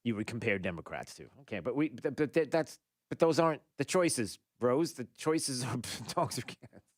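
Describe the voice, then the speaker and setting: A man's voice: mid-range voice, expressive, moderate pace, no echo. Male talk radio host, rambling monologue, lots of fillers, dry close studio sound.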